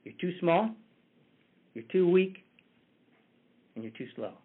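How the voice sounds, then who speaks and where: A man's voice: high voice, animated, slow pace, husky, pitched above the performer's own voice, full character voice. A man voicing a big, confident recruiter who talks bluntly and matter-of-factly. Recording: tinny phone-like line.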